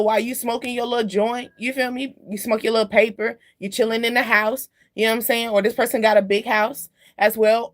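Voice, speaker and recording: A woman giving a casual spiritual card reading straight to camera, chatty and loose, often turning to the viewer with side remarks and drifting off topic. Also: fairly high pitch. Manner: drifts off topic and laughs at herself. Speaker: tarot card reader.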